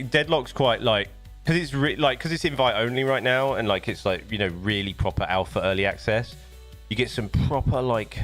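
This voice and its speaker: A British-accented man with a mid-range, fairly bright voice chats casually on a live stream from his home desk setup. He rambles and frequently restarts his sentences.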